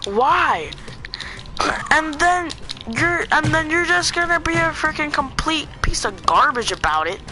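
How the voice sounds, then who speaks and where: A man vlogger telling a storytime story in a rambling, excitable way, using "freaking" a lot, with music playing behind him. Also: very high voice, normal speed, poor audio. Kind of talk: storytime vlog. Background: background music.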